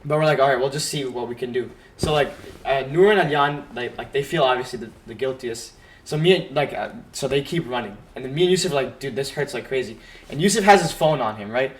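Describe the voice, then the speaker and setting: A man's voice: medium pitch, fast. A young man telling a story on a casual podcast, rambling with lots of fillers and acted-out quotes from his friends.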